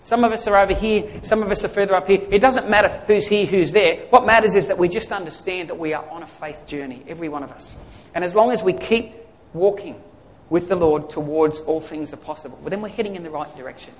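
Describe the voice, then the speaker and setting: High-voiced male preacher in a reverberant hall. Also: quick pace. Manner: conversational preaching, quiz-style questions to the congregation. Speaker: pastor. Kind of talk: sermon.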